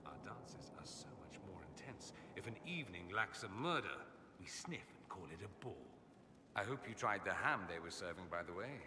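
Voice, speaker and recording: A theatrical, sardonic noble mage voiced by a man who trades in dry wit, with pitch that rises and falls in lively swings. His lines come through as game audio with a long, echoing reverb. A clear hiss of noise sits behind him. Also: normal speed, close to an everyday voice.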